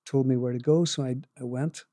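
A man's voice: medium pitch, fairly even intonation, brisk, warm tone, no echo, studio quality. An older man from Northern Ireland with a Northern Irish accent, telling modest, chuckling anecdotes with restarts as a guest in an interview. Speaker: guitar maker, podcast guest. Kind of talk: casual storytelling interview.

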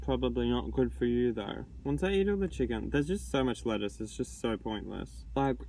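A man's voice: mid-range voice, animated, moderate pace, creaky, a little mellow, slight background noise, low-quality recording. Blunt, sweary man vlogging. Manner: blunt, sweary, sarcastic complaining. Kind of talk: casual vlog chat.

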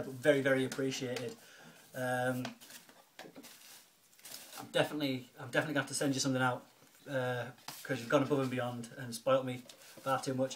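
A man's voice: medium pitch, slight background noise. A man chatting casually in a home vlog, thanking a friend and filling his talk with ums and restarts. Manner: chatty and grateful, lots of fillers and restarts. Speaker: video blogger, film collector.

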